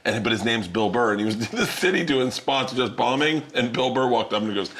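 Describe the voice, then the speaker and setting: A man hosting a podcast in a kitchen, telling stories loudly, laughing and swearing a lot. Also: mid-range voice, animated, brisk. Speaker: podcast host. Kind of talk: casual chat.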